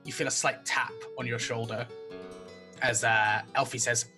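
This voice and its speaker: A woman narrating a tabletop game as game master, in a casual, halting way with fillers. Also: a bass voice, steady tone, pushed and bright, soft background music.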